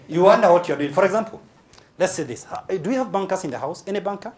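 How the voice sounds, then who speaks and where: A Kenyan-accented motivational speaker gives a humorous conference speech to a live audience in a large hall. His high-pitched voice moves fast with lively intonation. He is teasing, punchy, and playfully provocative.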